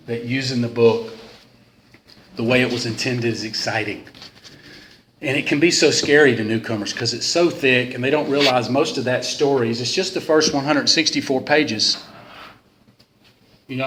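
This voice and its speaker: A man's voice: mid-range voice, fairly bright tone. Rambling, joking man in a roomy hall. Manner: rambling, joking, self-deprecating. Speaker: speaker at a recovery meeting. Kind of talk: casual storytelling talk. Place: meeting room of a club. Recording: roomy hall sound with faint noise.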